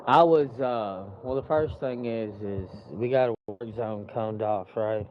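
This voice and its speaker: A man's voice: on the low side, a little slow, a little hiss or hum. Cussing man telling a work story. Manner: profane, animated retelling with quoted dialogue. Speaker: construction worker telling a story. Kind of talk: casual storytelling chat. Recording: dull muffled dry recording.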